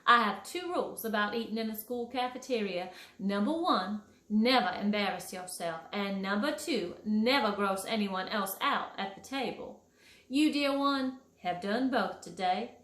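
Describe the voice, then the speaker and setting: A woman's voice: medium pitch, lively intonation, measured pace, a bit bright. A woman voicing a sweet, prim female fairy who scolds children about manners in a sugary Southern drawl, using pet names. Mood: sweetly scolding. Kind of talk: storybook reading. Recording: echoey room.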